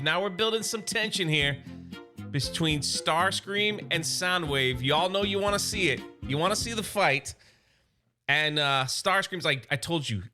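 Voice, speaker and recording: Excited high-voiced man recapping comics. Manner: excited, chatty storyteller paraphrasing characters. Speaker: comic book recap YouTuber. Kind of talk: casual comic recap commentary.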